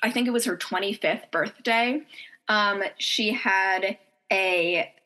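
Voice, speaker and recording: A woman's voice: medium pitch, takes it slowly, pushed and bright. A woman author chatting enthusiastically in an interview, with frequent fillers. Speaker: novelist guest. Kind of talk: casual interview chat.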